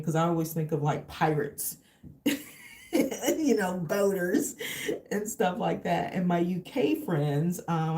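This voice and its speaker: A woman's voice: on the low side, mellow. A woman from Texas, chatting casually with viewers on a travel livestream, full of fillers and meandering asides. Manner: rambling, many fillers. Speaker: travel vlogger. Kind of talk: casual live chat with viewers.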